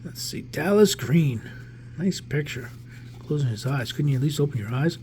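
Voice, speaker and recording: A man's voice: fairly high pitch, moderate pace, a little hiss or hum. A man in his forties from the New York area, chatting casually and rambling as he opens a pack of cards. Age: 40s. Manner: relaxed, rambling, thinking aloud with restarts. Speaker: card collector vlogger. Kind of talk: casual pack-opening commentary.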